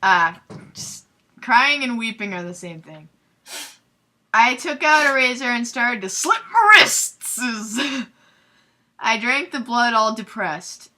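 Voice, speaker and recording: A young woman hosting a comedic fanfiction readthrough, reading aloud with sarcastic, giggly, deadpan asides. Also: on the high side, slow.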